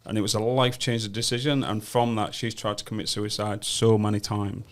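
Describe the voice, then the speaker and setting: A man's voice: lowish voice, flat delivery, fairly quick. An English man in his fifties, a guest on a studio podcast, telling his story bluntly and frankly. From England. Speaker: guest, business founder. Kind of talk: podcast interview.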